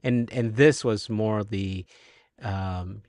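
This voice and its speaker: A man hosting a casual fan discussion, halting and laughing with many restarts. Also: fairly low pitch, darkish tone, no room sound, studio quality. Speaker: show host. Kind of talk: casual chat.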